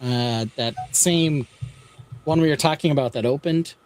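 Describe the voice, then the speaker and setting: A man hosting a casual live-stream chat, calmly explaining a build step by step with frequent pauses and fillers. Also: a little high. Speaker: podcast host.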